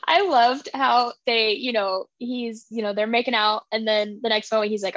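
A woman co-hosting a podcast in a casual book chat, retelling scenes with lively acted-out lines. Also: fairly high pitch, normal speed, hardly any pauses, no room sound, highs cut off. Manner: animated, acts out characters' lines while retelling. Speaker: podcast co-host.

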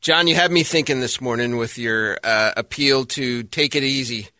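Deadpan bright-voiced radio man. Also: medium pitch, normal speed, no room sound. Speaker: radio co-host. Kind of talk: casual radio banter.

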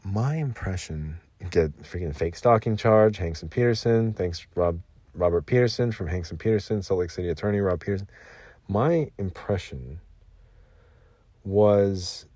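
A man with a low-pitched, mellow voice talks unhurriedly, recorded with no echo. It's his own podcast, a loose ramble from a makeshift home vocal booth after a long work shift, and his fatigue shows as he loses his thread and repeats himself.

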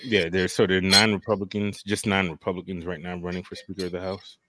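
A man co-hosting a podcast, telling stories in a relaxed, slangy way over a video call. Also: low-pitched, very noisy. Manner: relaxed, drawn-out storytelling with slang. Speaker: podcast co-host. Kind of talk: casual chat.

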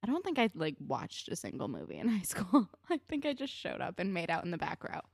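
Young woman, from New Jersey, podcast co-host, sarcastic asides, lively pitch, dry close sound. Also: a little fast, gravelly, dry recording. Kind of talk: casual recap chat.

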